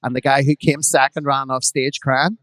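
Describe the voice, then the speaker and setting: A man in his fifties with a Belfast accent, a drag performer telling bawdy, animated stories as a guest on a live podcast. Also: mid-range voice, moderate pace, no echo. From Northern Ireland. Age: 50s. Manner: bawdy, animated anecdotes with quoted voices. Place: live podcast stage, dry close mic.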